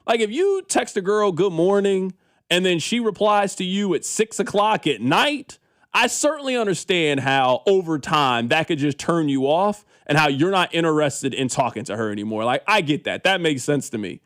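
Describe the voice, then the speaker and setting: A man co-hosting a casual sports talk radio show, riffing in an animated, incredulous, slangy way into a studio microphone. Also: fairly high pitch, moderate pace, no echo.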